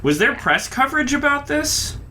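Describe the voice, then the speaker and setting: A woman's voice: sits high, big pitch swings, moderate pace, bright, forceful tone, a little hiss or hum. A woman interviewer giving short reactions and asking brief questions.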